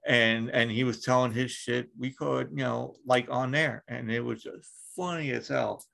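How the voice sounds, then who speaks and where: A man's voice: medium pitch, normal speed, gravelly. A man hosting a podcast in casual chat, rambling and swearing freely as he tells stories. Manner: profane, rambling, animated storytelling. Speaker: podcast host.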